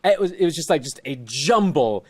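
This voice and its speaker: A man's voice: on the high side, lively intonation, brisk. A man co-hosting a podcast, chatting casually and jumping eagerly into jokes. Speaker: podcast co-host. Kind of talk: casual chat.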